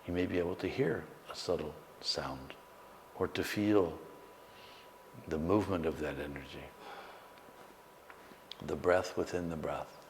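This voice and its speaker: A man, a meditation teacher, guiding a slow, calm meditation with long pauses. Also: sits low. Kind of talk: guided meditation. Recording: long hall reverb, faint background noise.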